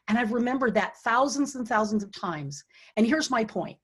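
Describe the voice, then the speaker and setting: A middle-aged woman, an author hosting her book launch online, speaks through a computer or webcam mic. Her slightly husky, somewhat high voice is expressive at normal speed as she earnestly encourages listeners with leadership advice and stories from her career, going hushed when recalling quiet moments.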